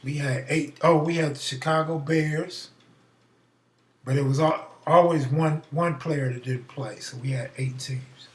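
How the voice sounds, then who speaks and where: A middle-aged man, host of a live stream, telling a profane, animated story in a casual way and acting out the voices. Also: fairly high pitch, a little slow, reverberant, far from the mic.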